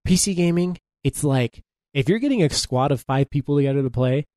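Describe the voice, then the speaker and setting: A man's voice: on the high side, lively intonation, a little fast, warm tone, no echo. A man co-hosting a casual gaming podcast, wry and long-winded, with lots of fillers as he explains things. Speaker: podcast co-host.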